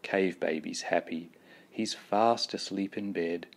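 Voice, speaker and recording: A man reading a children's picture book aloud in a slow, deliberate, expressive storytelling manner. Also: sits low, creaky. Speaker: storybook reader.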